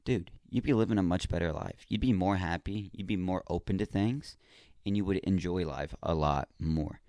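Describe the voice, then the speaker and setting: A man hosting a podcast, talking casually and straight to the listener in a relaxed, slangy monologue. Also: low-pitched, normal speed, no room sound, clean studio sound. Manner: laid-back, slangy, talks straight to the listener. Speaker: podcast host.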